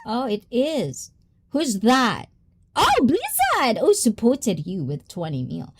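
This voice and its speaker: A Filipina woman chats on her livestream with an excitable, giggly energy. Her pitch leaps around lively and she slips easily between languages. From Philippines. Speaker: livestream host. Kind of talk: casual livestream chat.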